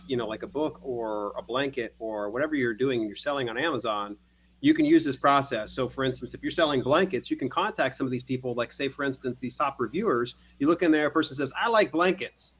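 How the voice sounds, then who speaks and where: A man's voice: medium pitch, fast, a bit bright, slight background noise. A man co-hosting a casual business podcast, explaining at length with restarts and playful asides. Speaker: podcast co-host.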